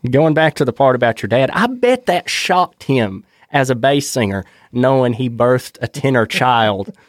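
A man with a Southern US accent hosting a podcast, asking questions in a playful, animated way. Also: mid-range voice, a little slow, no echo. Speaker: podcast host. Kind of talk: casual interview.

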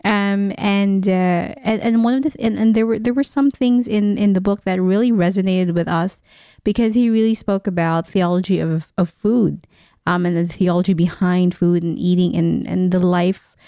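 A woman's voice: medium pitch, steady tone, normal speed, dark tone, clean tone, no echo, clean studio sound. A woman with a Filipino English accent co-hosting a podcast in chatty, casual conversation. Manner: chatty, with frequent fillers and restarts. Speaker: podcast co-host. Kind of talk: casual chat.

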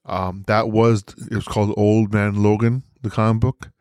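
Male podcast host, low voice, theatrical and profane, dry close recording. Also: little pitch movement, normal speed, a little mellow, dry recording. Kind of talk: casual movie talk.

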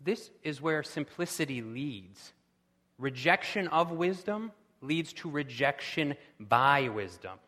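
Guy preaching a sermon, higher-ish voice, gets loud and pleading, church echo. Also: expressive, takes it slowly. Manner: impassioned preaching, rising to loud pleading cries. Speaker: pastor.

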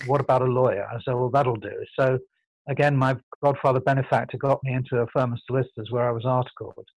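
Older posh English man, halting and reflective. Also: medium pitch, fairly even intonation, creaky, a little mellow, poor audio. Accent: posh southern English. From England. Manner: thoughtful, halting, self-correcting. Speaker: guest. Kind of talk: reflective interview conversation.

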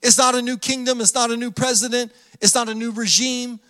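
A man's voice: very high voice, level tone, a little fast, bright, forceful tone, in a large hall. A man preaching a sermon as pastor, with an earnest, repetitive cadence.

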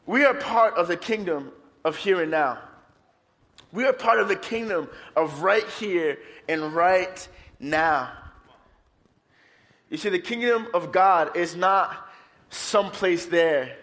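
High-voiced energetic male preacher. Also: slow pace. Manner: energetic, playful preaching, leads congregation in song. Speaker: pastor. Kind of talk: sermon.

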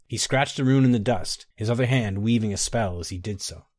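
A man reading a fantasy story aloud in a measured, even narrating voice. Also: fairly low pitch, no room sound, studio quality.

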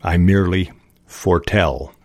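A fallen old wizard, bitter and proud, speaking slow and hushed from a book passage, read by a man. His voice sits low and dry, close to the mic. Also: no echo. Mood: bitter, cold.

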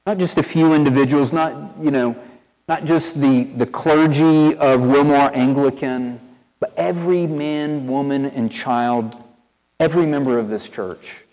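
A pastor from East Tennessee with a Southern accent preaches to his congregation in an animated, conversational sermon, moving easily into personal stories. His mid-pitched voice is caught in a large sanctuary, and a long reverb trails after each phrase. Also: measured pace. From East Tennessee, USA. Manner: conversational storytelling, animated and earnest.

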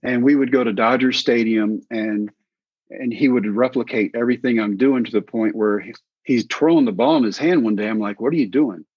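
Male interview guest, former ball coach, husky storyteller who acts out the other voices, on a dull, dry recording. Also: medium pitch, moderate pace, no echo. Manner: folksy anecdotes, acting out quoted voices.

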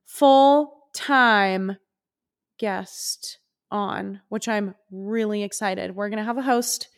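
Bubbly young woman podcast host. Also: fairly high pitch. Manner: bubbly, gushing, animated. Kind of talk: solo casual podcast chat.

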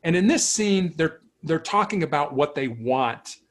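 A middle-aged man with a somewhat high-pitched voice speaks earnestly in an interview. He tells stories at length and often restarts, repeating his first words before he finds the sentence. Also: expressive, measured pace. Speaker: interview guest, retired police officer. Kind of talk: reflective storytelling in conversation.

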